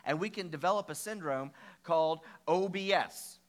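A man preaching a sermon as pastor, telling a story with animated, acted-out quotes. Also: fairly high pitch, moderate pace.

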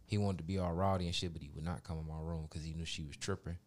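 A man telling a long profane story in casual chat, animated and mimicking other people's voices. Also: low voice, rapid-fire.

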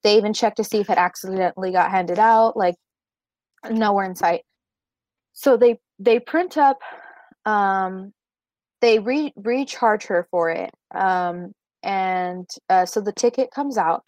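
Her voice sits at a medium pitch with a darkish tone and a measured pace, free of room sound. A young podcast co-host, she tells a rambling, filler-heavy work story over a remote recording at home.

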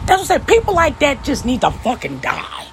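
Blunt, profane woman ranting, lively pitch. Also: a little fast, noisy background. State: upset. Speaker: vlogger. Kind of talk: heated opinion rant to camera.

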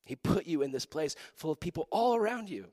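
A young man preaching to a youth group, telling a story with lively acted-out voices and frequent laughter. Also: fairly high pitch, a little fast, no room sound. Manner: animated, acts out voices in his story, laughs often. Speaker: pastor.

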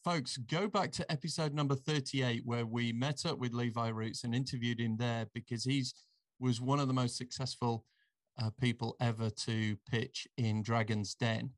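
A podcast host chats casually, his medium-pitched voice staying fairly even at a normal speed. He rambles and hesitates, filling his talk with plenty of ums and uhs.

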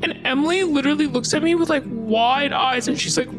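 A woman with a high voice tells a personal story in loose, casual chat. She rambles, filling her sentences with "like" and swearing freely, with guitar music playing clearly behind her. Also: brisk.

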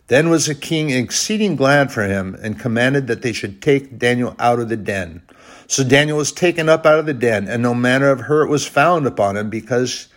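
A man preaching a sermon, retelling a Bible story and reading scripture aloud, rising to loud bursts and dropping to quiet, slow lines. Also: mid-range voice, expressive. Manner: reads scripture in old-fashioned phrasing.

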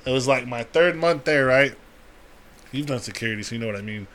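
A man's voice: mid-range voice, a little fast, fairly bright tone, slight background noise. A young man telling a long, profane story on a podcast in casual chat, acting out the people he quotes. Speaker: podcast co-host.

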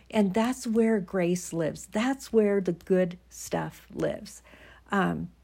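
A woman's voice: lowish voice, darkish tone. A middle-aged woman talking candidly to her viewers in a folksy, emphatic way, laughing often as she tells personal stories. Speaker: vlogger.

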